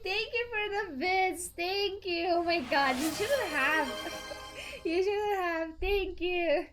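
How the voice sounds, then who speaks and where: A high-voiced woman streamer talks slowly with a lively, swooping melody. She giggles and gushes thanks to her viewers. Faint game music plays underneath. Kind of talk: live game stream chat.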